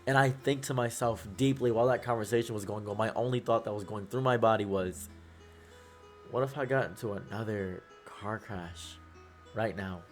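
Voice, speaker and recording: A young man talking to camera in a halting, upset way, close to tears, repeating himself and trailing off. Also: lowish voice, faint music behind. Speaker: YouTuber. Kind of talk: emotional talk to camera.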